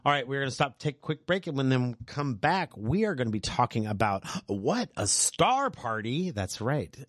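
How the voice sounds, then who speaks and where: A man's voice: mid-range voice, very animated, moderate pace, dry recording, studio quality. A man hosting a local radio show, chatting casually and making jokes while he reads out community announcements. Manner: loose, joking, self-deprecating. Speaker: radio host. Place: radio studio. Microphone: studio microphone.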